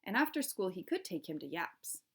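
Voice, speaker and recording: A woman's voice: medium pitch, normal speed, husky. A woman teacher reading a novel aloud to her class, with short explaining asides. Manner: steady storytelling with classroom asides.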